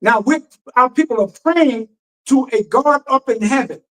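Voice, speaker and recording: Through a rough recording comes a very high, fairly bright male voice at a moderate pace. He's a minister giving a radio teaching sermon, reading passages aloud, explaining them and firing off rhetorical questions with emphasis.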